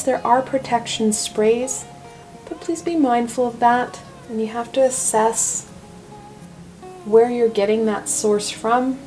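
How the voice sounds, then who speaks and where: A woman hosting a weekly tarot reading video, talking in a gentle, reassuring, chatty way. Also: a little high, low-quality recording. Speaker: tarot reader.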